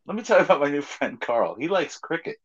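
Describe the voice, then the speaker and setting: A man's voice: fairly high pitch, big pitch swings, fast talker, husky. A man co-hosting a podcast in casual chat, rambling and laughing often. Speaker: podcast co-host. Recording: dull lo-fi sound.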